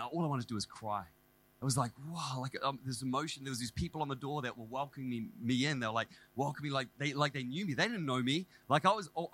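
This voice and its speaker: A man, preaching and telling his own conversion story in a casual, animated, self-deprecating way. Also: medium pitch. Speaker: preacher sharing testimony. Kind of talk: sermon testimony. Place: church service.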